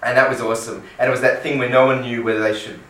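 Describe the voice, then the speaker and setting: A man's voice: mid-range voice, flat delivery, racing, fairly bright tone, roomy sound, far from the mic, low-quality recording. A man with an Australian accent co-hosting a casual chat, telling a rambling story, swearing casually and acting out the people he quotes. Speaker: co-host.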